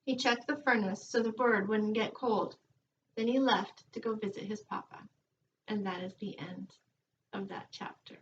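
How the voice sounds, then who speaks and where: Teacher lady reading a kids book out loud, calm and steady, bright voice, sounds far from the mic and a bit muffled. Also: fairly high pitch, a little hiss or hum. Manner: calm, measured storytelling. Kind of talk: reading a children's book aloud.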